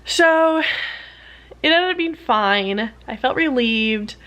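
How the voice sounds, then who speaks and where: A young woman in her twenties, a PhD student vlogging, telling a story in quick, breathless casual chat full of "like" and acted-out quotes. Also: high voice, expressive, a bit bright.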